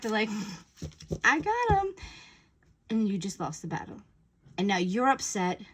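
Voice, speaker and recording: A woman's voice: on the high side, slight background noise. A woman giving casual, blunt spiritual advice to her viewers in a chatty way, with many fillers. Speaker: spiritual message reader.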